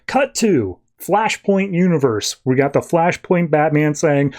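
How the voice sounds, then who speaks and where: A man hosting a podcast, casually recapping a comic issue and tossing off quick voiced lines for the characters. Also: fairly high pitch, lively intonation, a little mellow. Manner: loose, chatty retelling with quick voiced asides. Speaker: podcast host reviewing comics.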